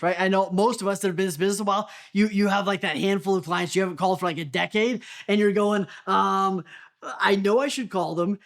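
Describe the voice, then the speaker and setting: A man coaching real estate agents, direct and emphatic, acting out sample phone calls. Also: sits high. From Texas. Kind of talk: energetic coaching talk to camera.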